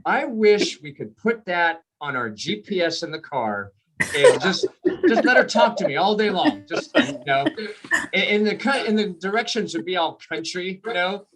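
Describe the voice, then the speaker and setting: A man doing a stand-up comedy set on a video call, telling stories in an animated way and laughing at his own jokes. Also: high-pitched, normal speed, crowd noise.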